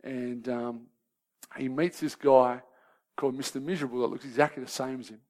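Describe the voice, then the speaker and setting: A man's voice: mid-range voice, normal speed. A man, preaching a sermon in a conversational way and often checking in with his listeners. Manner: shifts from lively banter to soft, grave questions.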